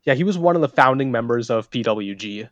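A man in casual podcast chat, animated and profane, filling his talk with "like". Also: mid-range voice, a little fast, dry recording, dull audio. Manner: animated, profane, says "like" a lot. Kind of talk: casual chat about wrestling.

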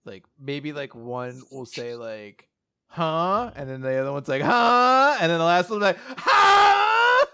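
Man, mid-pitched voice, enthusiastic, joking, casual podcast chat. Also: moderate pace, few pauses, clear, resonant tone. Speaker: podcast co-host. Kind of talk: casual chat about a comic.

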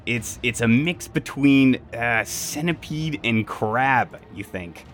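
A man's voice: mid-range voice, animated, slow, a bit bright, faint music behind. A man narrating a tabletop game as game master, describing scenes vividly and making sound effects.

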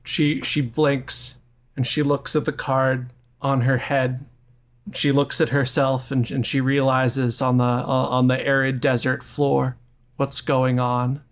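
Male improv guest, playful, excitable narrator. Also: medium pitch, takes it slowly. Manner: playful, excitable, hesitant fillers. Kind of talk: improvised comedic storytelling.

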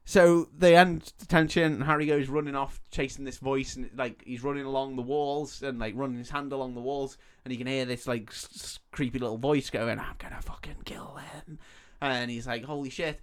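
A man's voice: mid-range voice, level tone, fairly quick, hardly any pauses, smooth. A man co-hosting a podcast, recapping a film in casual, sweary chat and laughing often. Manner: sweary, laughs often, acts out characters in quotes. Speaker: podcast co-host.

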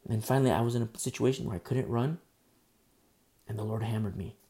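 A man preaching a sermon as pastor, blunt and emphatic, with quick asides to the congregation. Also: mid-range voice, mellow.

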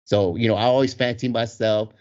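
A man telling a casual story with animated energy, laughing often and acting out the voices of the people in it. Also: medium pitch, a little fast. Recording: dull lo-fi recording.

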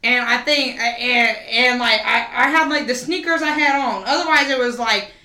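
A woman telling stories in casual chat, profane and animated, often acting out what others said. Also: on the high side, moderate pace. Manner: profane, animated storyteller who acts out quotes. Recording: roomy echo.

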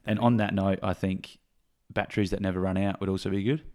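A man co-hosting a podcast in relaxed, rambling casual chat. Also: low-pitched, quick pace. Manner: relaxed, rambling, with frequent fillers and "reckon". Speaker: podcast co-host.

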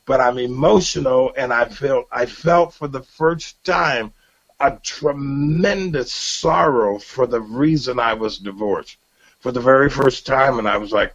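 A man's voice: mid-range voice, slow, slightly rough. A middle-aged man hosting a faith talk show, sharing an emotional personal testimony in an earnest, preacherly way with many restarts. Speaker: radio show host. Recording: dull lo-fi broadcast audio.

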